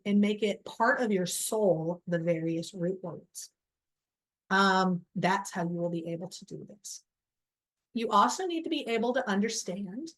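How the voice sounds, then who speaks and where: Casual, self-deprecating woman lecturer. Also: mid-range voice. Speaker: college biology instructor. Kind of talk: recorded lecture over slides.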